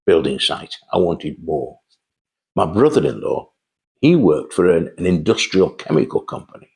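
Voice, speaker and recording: An older man with a low, sing-song, creaky, slightly mellow voice speaks at normal speed. In a casual storytelling monologue, he hosts and rambles through chatty anecdotes about his early days in sales.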